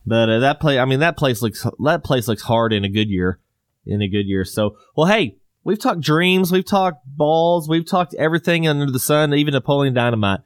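A man's voice: medium pitch, animated, moderate pace, dry recording. Middle-aged male host, rambling, a few laughs, dry close mic. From Southwest US. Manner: rambling storyteller, laughs often. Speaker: podcast host. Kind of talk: casual chat.

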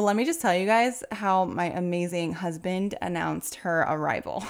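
A woman in her thirties, a podcast host, telling a personal story to her listeners in a chatty way, laughing often. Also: fairly low pitch. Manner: chatty, laughing, animated when quoting others.

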